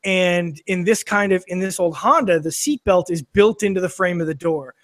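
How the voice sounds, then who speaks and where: A man's voice: sits high, normal speed, fairly bright tone, dry recording, studio quality. A man telling a long anecdote on a casual podcast, with lots of fillers, restarts and swearing, laughing as he goes. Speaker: podcast guest or co-host. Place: studio filmed for video.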